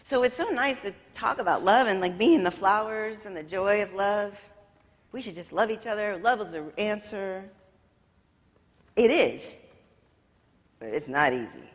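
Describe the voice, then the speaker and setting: An American woman pastor preaches with an easy, conversational warmth, poking fun at herself as she goes. Her voice rings out with a long reverb through the church sanctuary. The livestream sound is muffled and dull. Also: mid-range voice, expressive, a little slow, long pauses. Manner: conversational, self-deprecating, sings snatches of lyrics. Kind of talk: sermon.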